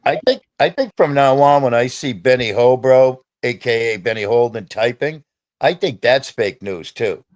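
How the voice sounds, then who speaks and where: Loud, excitable man swearing on a stream. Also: medium pitch, normal speed, no room sound. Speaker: guest on a livestream. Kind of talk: casual late-night livestream chat. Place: home, indoors.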